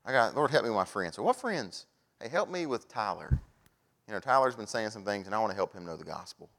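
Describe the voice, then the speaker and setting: Preacher guy, folksy sermon, goes quiet then gets loud. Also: on the low side, very animated, fast talker, vocal fry. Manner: folksy storytelling, shifting from soft to loud.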